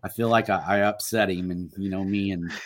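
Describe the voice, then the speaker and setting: A man's voice: low-pitched, fairly even intonation, fairly quick. A man co-hosting a casual podcast, joking and teasing the others, swearing freely. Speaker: podcast co-host. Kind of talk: casual chat.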